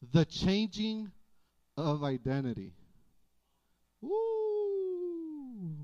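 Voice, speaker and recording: Slow, folksy preacher. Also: male voice, on the high side, clean tone. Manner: folksy, animated preaching with playful asides. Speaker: pastor. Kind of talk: sermon. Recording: dull lo-fi church audio.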